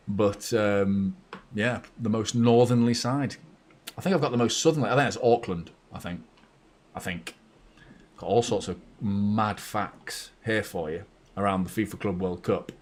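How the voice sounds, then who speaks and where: A man hosting a live match watchalong, chatty and blunt, bursting into excited shouts when his team scores. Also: on the low side, measured pace. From north of England. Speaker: fan channel host.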